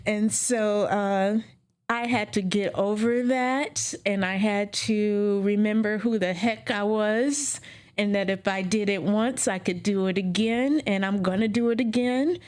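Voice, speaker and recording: A woman dentist telling her career story in an interview, emotional and animated, acting out what she said back then. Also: mid-range voice, a little slow, clear, resonant tone. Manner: emotional, animated, acts out her own quotes.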